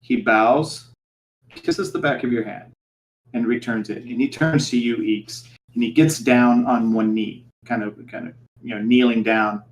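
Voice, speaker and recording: A man narrating as game master of a tabletop game, halting with many fillers and restarts. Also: mid-range voice, steady tone, slight background noise, low-quality recording.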